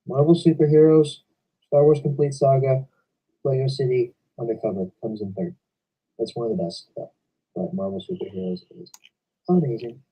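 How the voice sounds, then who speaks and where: Young male streamer, dark husky voice, sits back from the mic, rambles. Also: medium pitch, steady tone, moderate pace, distant mic, low-quality recording. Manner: rambling, talks at length about games. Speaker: stream host. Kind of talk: casual chat. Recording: voice from away from the mic.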